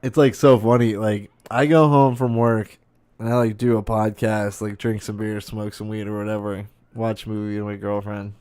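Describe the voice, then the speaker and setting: A man's voice: fairly low pitch, flat delivery, moderate pace, a little mellow, clear, resonant tone, dry recording. A young man hosting a podcast, ranting in disbelief and swearing constantly. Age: young adult. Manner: profane, incredulous, swearing often. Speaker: podcast host. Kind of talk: ranting monologue.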